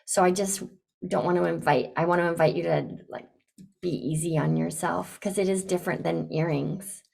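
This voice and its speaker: A woman's voice: lowish voice, normal speed, vocal fry, breathy edge. Encouraging woman coach. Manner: encouraging, acts out lively enthusiastic examples. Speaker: business coach and podcast host. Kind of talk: live coaching session.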